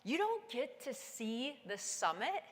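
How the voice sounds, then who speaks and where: Animated woman telling a story on stage. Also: takes it slowly, big-room sound. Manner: animated, acts out dialogue with sudden high-pitched exclamations. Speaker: keynote speaker. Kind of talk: motivational storytelling talk. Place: conference stage in a large hall.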